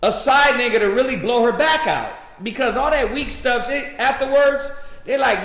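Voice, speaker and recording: High-voiced preacher guy, bright and lively, big echoey hall. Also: normal speed. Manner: animated, preachy, acts out quotes. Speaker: priest teaching a class. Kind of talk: preaching class on scripture.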